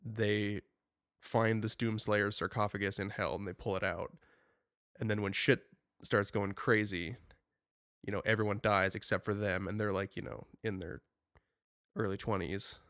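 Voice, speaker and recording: A young man co-hosting a podcast in casual chat, rambling and animated with lots of filler words. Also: fairly low pitch, normal speed, clear, resonant tone, no room sound, clean studio sound. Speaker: podcast co-host.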